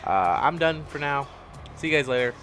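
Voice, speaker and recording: A man's voice: fairly high pitch, lively intonation, moderate pace, fairly bright tone, soft background music. Man ranting bluntly to camera. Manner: blunt and profane, talking in bursts. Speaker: gaming and wrestling vlogger. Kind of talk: casual rant.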